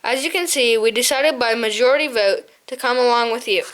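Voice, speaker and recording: A woman reading aloud as a blunt male shrew chieftain, hearty and loyal, in a fairly high voice. He speaks plainly, as if in a storybook, pausing now and then. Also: a bit bright, a little hiss or hum, natural voice. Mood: apologetic. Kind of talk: audiobook reading.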